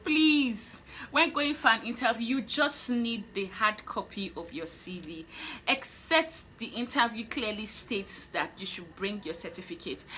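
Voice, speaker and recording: A young woman with a Nigerian accent tells a personal story to her vlog camera. Her voice is bright and sits a little high, and she talks animatedly, laughing and playing out her own thoughts. Faint ambient noise sits behind her. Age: young adult. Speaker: vlogger.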